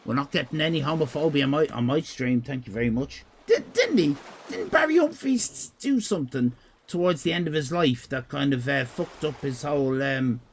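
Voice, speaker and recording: A man's voice: a little high, expressive, normal speed, slight background noise. A man with an Irish accent chatting casually on a live stream while drawing. He talks in a crude, rambling, irreverent way and reads out comments from chat. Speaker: livestreamer.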